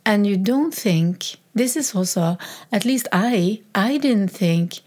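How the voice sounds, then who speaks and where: A woman with a Swedish accent, a native Swedish speaker, telling a personal story in a strained, emotional voice. She talks haltingly, restarts often and drops into a soft whisper. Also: mid-range voice, lively intonation. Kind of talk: personal testimony.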